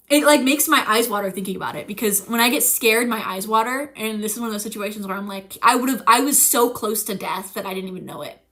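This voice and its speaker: A young woman streamer telling a story in casual chat, animated and profane, acting out the voices of the people she quotes. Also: medium pitch, fairly quick.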